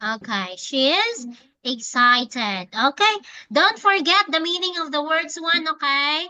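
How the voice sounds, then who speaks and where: A woman's voice: sits high, lively intonation, slow pace, pushed and bright, dry recording, poor audio. A woman teaching English to a young child one-on-one, patiently coaxing and repeating her prompts.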